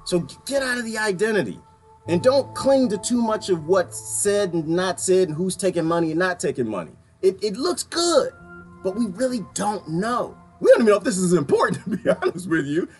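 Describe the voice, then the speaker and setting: A man giving a casual, animated political rant to his viewers, laughing often and swinging between loud and quiet. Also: sits high, brisk, soft background music. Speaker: video commentator.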